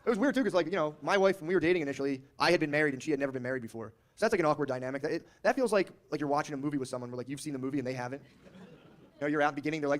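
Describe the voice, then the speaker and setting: A man's voice: on the high side, racing, a little hiss or hum. A man in his thirties doing a stand-up comedy set on a club stage. He is brash and profane, riffs with the crowd and acts out characters.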